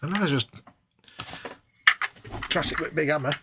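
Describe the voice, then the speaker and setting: A man's voice: fairly high pitch, normal speed. A British man chatting casually and mocking himself as he struggles with a model kit on a live stream. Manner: self-mocking, muttering while fiddling with parts. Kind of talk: casual chat while building a model. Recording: loud background noise, keyboard clicks.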